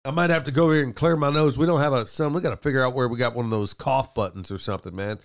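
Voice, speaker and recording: A man's voice: mid-range voice, quick pace. Congested folksy man hosting a podcast. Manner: folksy, addresses listeners as folks and y'all. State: congested with a cold. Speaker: podcast co-host, father. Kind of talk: casual podcast chat. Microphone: studio mic with headphones.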